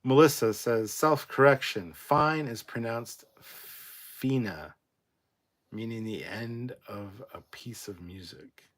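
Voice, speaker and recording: A man of middle pitch hosts a casual livestream, working his way through viewer comments and tossing in chatty, sometimes profane asides. He talks loosely and conversationally at a desk mic. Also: unhurried, few pauses, fairly bright tone. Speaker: livestream host reading chat.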